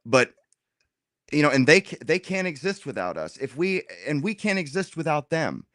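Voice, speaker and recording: A man in a casual political roundtable debate, talking in an animated, argumentative way and dropping slang as he makes his point. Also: fairly high pitch, normal speed, dry recording, clean studio sound. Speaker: roundtable guest.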